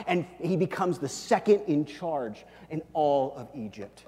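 A man preaching a sermon as a pastor, telling the story animatedly and swinging between loud and hushed. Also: a little high, lively intonation, a little slow, few pauses, in a large hall.

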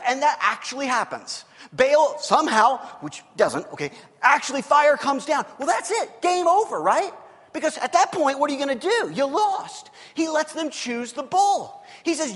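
A male preacher with a very high, lively voice, telling the story with jokes and playful asides. His voice rings out with the long reverb of a large hall. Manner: animated, jokey storytelling with acted-out quotes. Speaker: pastor. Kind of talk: sermon.

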